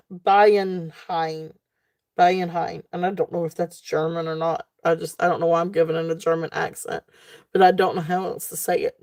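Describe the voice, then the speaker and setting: A woman hosting a live jewelry sale stream, talking casually with many fillers and a relaxed, tired manner. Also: lowish voice, clean tone, no room sound, studio quality.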